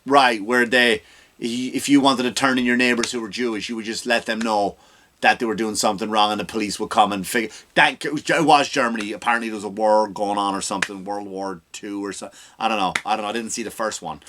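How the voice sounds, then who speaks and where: A man's voice: on the low side, fairly even intonation, fast talker, pushed and bright, a little hiss or hum. Man, comedy podcast host, sarcastic political rant, profane, rhetorical questions.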